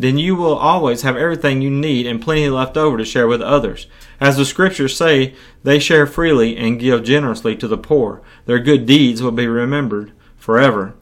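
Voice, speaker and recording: A man's voice: on the high side, fairly bright tone. A man reading Bible passages and teaching on a podcast, earnest and prone to repeating words as he goes. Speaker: podcast preacher.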